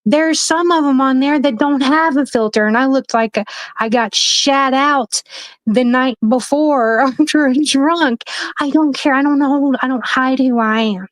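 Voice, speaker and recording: A woman's voice: high-pitched, unhurried, no room sound. A woman speaking as a guest on a livestream, emphatic and rambling, with frequent swearing. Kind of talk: heated livestream chat.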